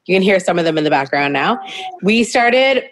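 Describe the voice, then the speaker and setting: A woman's voice: on the low side, animated, normal speed, background noise. A woman in her thirties, a business founder, telling her story as a guest in a casual interview from her home in a candid, chatty and self-deprecating way.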